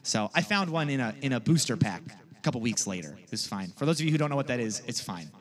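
A man's voice: mid-range voice, animated, fast talker. A young man giving a casual sermon, telling a story in a chatty way and often checking in with "all right?". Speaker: youth pastor.

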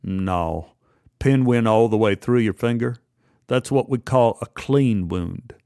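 A man voicing Marvin, an unflappable store boss who speaks slowly and hesitantly with fillers, in a spoken story. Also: lowish voice, gravelly, mellow, dry recording, clean studio sound. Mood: calm.

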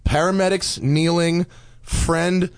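A man's voice: a little high, fairly even intonation, takes it slowly, no room sound, studio quality. A man hosting a car podcast, chatting loosely with profanity and jokes. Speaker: podcast host. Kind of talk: casual chat.

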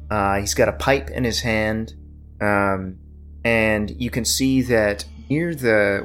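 A man's voice: on the low side, creaky, a bit bright. Guy running a tabletop game, lots of uhs, faint music behind. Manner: descriptive, with many fillers. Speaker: game master.

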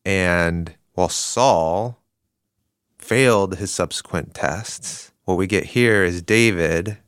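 A man with a notably deep voice reasons through ideas in casual conversation. He sums points up thoughtfully and agrees with short murmurs. The sound is close and dry. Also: slow, a bit bright, clean tone, no room sound. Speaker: podcast co-host. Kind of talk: casual conversational Bible discussion.

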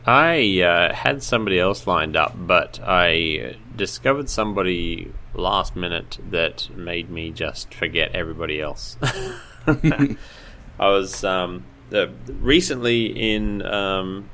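Bright low-voiced man. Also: a little slow, a little hiss or hum. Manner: animated storytelling, laughs often. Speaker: podcast co-host. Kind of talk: casual chat.

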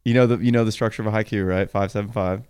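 A man's voice: fairly low pitch, fairly even intonation, very fast, a little mellow, clear, resonant tone, no echo. Laughing, teasing man on a podcast. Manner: joking, laughs often, teasing. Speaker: podcast co-host. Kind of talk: casual sports podcast chat.

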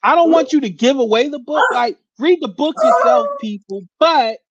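A man hosting a casual live-stream interview, talking in an excited, slangy way. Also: very high-pitched, normal speed, no echo. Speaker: host. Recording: dull audio with loud noise.

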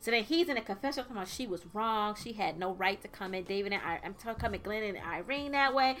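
A woman's voice: mid-range voice, quick pace. A woman co-hosting a casual chat, animatedly recapping a reality show and acting out what people said. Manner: animated storyteller, voices quotes dramatically. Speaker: podcast co-host.

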